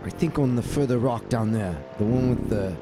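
A man co-hosting a podcast, improvising a comedy bit with deadpan, absurd remarks. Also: medium pitch, moderate pace, music in the background. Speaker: podcast co-host.

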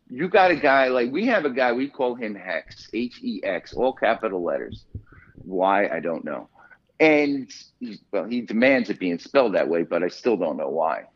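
A man talking casually on a podcast, spinning animated stories and swearing freely. His voice sits in a middle register. The recording has a slightly dull, muffled sound. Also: mid-range voice. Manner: animated, profane storyteller. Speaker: podcast guest.

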